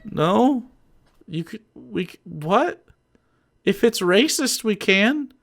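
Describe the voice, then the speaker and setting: Swearing, lively-voiced male streamer. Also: very high-pitched, slow, long pauses. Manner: profane, ranting, laughs a lot, swings between mumbling and yelling. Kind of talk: livestream reaction commentary.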